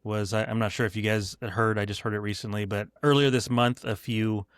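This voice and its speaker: A man co-hosting a casual podcast. His voice is low and smooth, and stays flat and level as he talks in a measured, reflective way. The sound is dry and close. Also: dry recording. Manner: measured, reflective, with many fillers.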